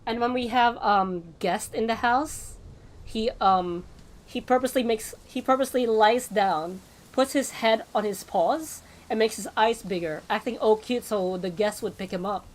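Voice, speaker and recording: A woman's voice: fairly high pitch, unhurried. A woman VTuber chatting casually to her viewers while playing a game, rambling off on tangents with small laughs and restarts. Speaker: VTuber streamer. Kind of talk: casual gameplay stream chat.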